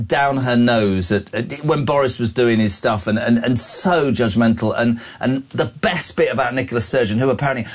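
A man hosting a breakfast talk radio show, brisk and opinionated, often stumbling over restarts. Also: mid-range voice, breathy edge.

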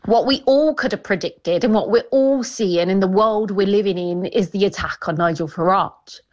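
A woman's voice: medium pitch, normal speed, darkish tone, highs cut off. A woman co-presenting a radio show, talking in an earnest, emphatic way. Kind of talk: opinion talk on radio.

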